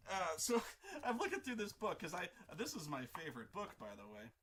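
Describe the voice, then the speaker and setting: A man hosting an art livestream, casually telling a profane, animated tabletop game story in a stop-start way. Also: high-pitched, brisk, slight background noise. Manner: animated, profane, full of restarts and acted-out voices. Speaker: artist livestream host.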